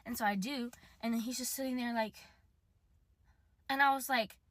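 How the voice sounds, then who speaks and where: A young woman telling a casual storytime, recounting it in an animated, dramatic way. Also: on the high side, moderate pace, dry recording.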